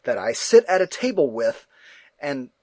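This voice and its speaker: A man chatting casually about a film he watched, rambling, animated and quick to act out his own confused reactions. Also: a little high, dry recording, clean studio sound. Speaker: movie reviewer. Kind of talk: casual movie review chat.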